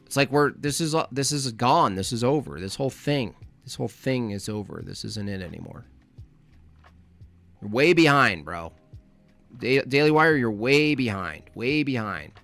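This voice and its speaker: A man's voice: mid-range voice, animated, normal speed, vocal fry, a bit bright. A man hosting a comedic livestream, ranting bluntly and repeating his points for emphasis. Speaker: comedic streamer host. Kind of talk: casual comedic livestream rant.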